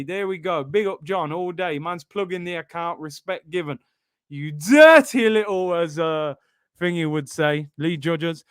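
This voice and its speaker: A young man streaming a live football watchalong, reacting excitedly, shouting at big moments and bantering with his chat. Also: high voice, clean tone, no echo, clean studio sound.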